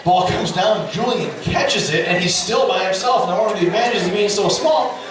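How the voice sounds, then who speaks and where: A middle-aged man doing stand-up storytelling, animated and profane, with loud yelling bursts. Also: high-pitched, normal speed, crowd noise. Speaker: stand-up comedian. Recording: echoey club, distant mic, audience. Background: audience laughter.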